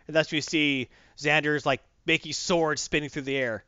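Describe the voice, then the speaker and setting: A man hosting a casual chat reviewing a comic book, rambling and animated, acting out voices. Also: a little high, a little fast, hardly any pauses, no echo, muffled recording. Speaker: podcast host.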